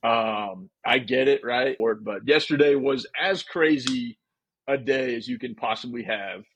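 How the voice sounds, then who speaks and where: A man's voice: mid-range voice, measured pace, breathy edge, no room sound, lo-fi sound. A man co-hosting a podcast, telling stories in a laid-back, chatty way. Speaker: podcast co-host. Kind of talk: casual chat.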